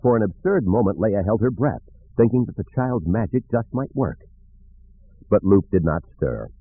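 A man narrating an audiobook in an expressive storytelling manner, with a husky voice. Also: on the low side, moderate pace, no room sound. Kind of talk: scripted narration. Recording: narrow phone-like audio.

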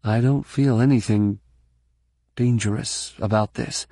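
A man voicing an earnest, protective young man hero in a low, gentle, reassuring voice, within a novel reading. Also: fairly even intonation, unhurried, no echo, clean studio sound.

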